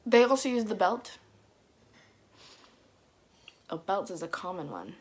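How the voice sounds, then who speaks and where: Animated young woman telling family stories. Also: mid-range voice, brisk, slight background noise. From Dominican family. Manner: animated, mimics her mother's scolding, rising to loud bursts. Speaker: vlogger. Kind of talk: casual comedic storytelling to camera.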